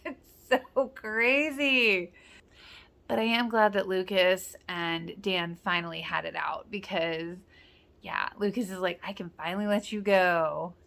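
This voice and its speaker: A woman's voice: mid-range voice, steady tone, a little slow, vocal fry, a bit bright. Chatty woman reacting to a TV episode. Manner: chatty, exclaims and laughs often, quotes characters. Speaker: rewatch reaction host. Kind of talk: casual reaction commentary.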